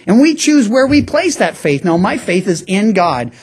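A man's voice: high-pitched, very animated, normal speed, a little mellow, husky. A man preaching a radio sermon, talking through his point in a conversational way, with frequent restarts and stammers. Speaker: pastor.

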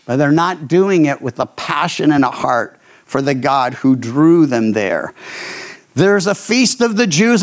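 Man, high voice, pastor, conversational sermon, restarts phrases. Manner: conversational Bible teaching with frequent restarts.

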